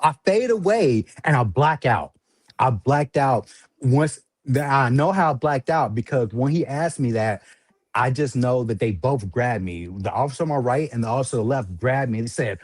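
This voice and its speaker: A man hosting a livestream, casually telling a long story, animated, laughing often and jumping to high voices when quoting people. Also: moderate pace, husky, no room sound.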